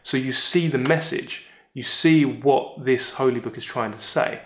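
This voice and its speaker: A man teaching literature, talking through a poem in a chatty way, often checking in with "all right?" and reading quoted lines slowly. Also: mid-range voice, echoey room. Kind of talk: poem analysis lesson.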